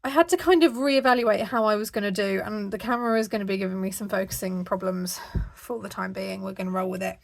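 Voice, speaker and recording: Chatty woman with a gravelly edge. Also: mid-range voice, quick pace. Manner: chatty, rambling, frequent ums. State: slightly out of breath. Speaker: budgeting channel host. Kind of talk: casual vlog talk to camera. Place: at home, indoors.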